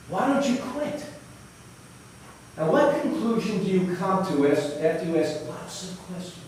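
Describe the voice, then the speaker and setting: A man hosting a round table talk, telling a story slowly and dramatically with pauses. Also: fairly high pitch, very animated, a little mellow. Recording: echoey room, distant mic, faint noise.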